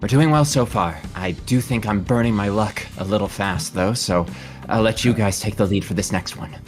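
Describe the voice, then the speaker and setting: A man's voice: lowish voice, moderate pace, soft background music. A man playing a tabletop game who chats in an easygoing way. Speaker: player. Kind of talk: casual tabletop play.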